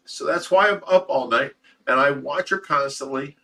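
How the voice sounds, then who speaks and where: A man's voice: fairly high pitch, normal speed, vocal fry, sharp tone, distant mic. A man hosting a casual livestream, talking in an emotional, rambling way with repeated words and swearing. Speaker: host of a fish rescue livestream.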